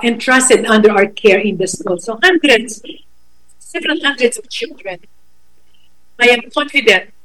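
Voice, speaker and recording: A middle-aged woman with a Filipino accent, a school educator giving a talk on raising children, slow and emphatic, switching languages, telling stories. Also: on the high side, a bit bright, poor audio. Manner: code-switching, storytelling, slow emphatic phrasing.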